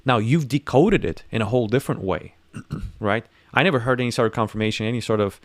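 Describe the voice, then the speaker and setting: A man's voice: fairly low pitch, fast talker, dry recording. A man co-hosting a live talk show, talking in a rambling way with many restarts and acted-out quotes. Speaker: podcast co-host. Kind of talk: casual live discussion.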